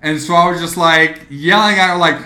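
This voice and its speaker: A young man co-hosting a podcast, telling stories in a profane, animated way in casual chat. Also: a little high, fairly quick. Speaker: podcast co-host.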